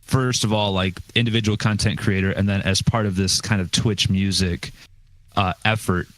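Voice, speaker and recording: A man, a guest drummer on a podcast, explaining things in a halting way and repeating words. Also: on the low side, fairly even intonation, a bit bright. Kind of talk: casual chat.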